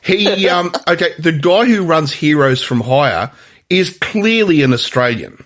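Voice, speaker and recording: A man co-hosting a movie podcast, talking excitedly and rambling with frequent restarts. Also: fairly high pitch, measured pace. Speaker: podcast co-host. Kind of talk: casual movie review chat.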